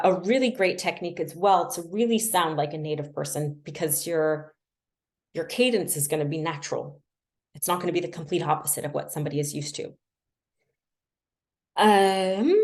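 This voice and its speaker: A young adult woman casually teaching language learning on a livestream, chatty and self-deprecating, with lots of fillers. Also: on the low side.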